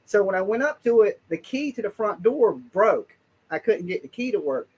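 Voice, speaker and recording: Male call-in host, high voice, blunt slangy storyteller who swears freely. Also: big pitch swings, moderate pace, slightly rough. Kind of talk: casual live call-in chat.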